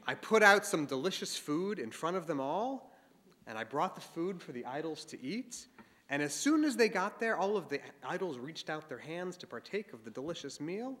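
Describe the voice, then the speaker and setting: A man voicing a clever young boy who calmly explains himself to his father in a told story. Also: on the high side, moderate pace, big-room sound. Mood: sly. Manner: calm, explaining.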